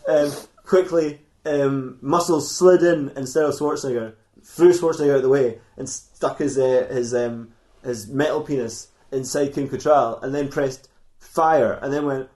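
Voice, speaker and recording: A man's voice: mid-range voice, normal speed, warm tone, echoey room. A man hosting a comedy podcast, improvising a rambling story with frequent laughs and restarts.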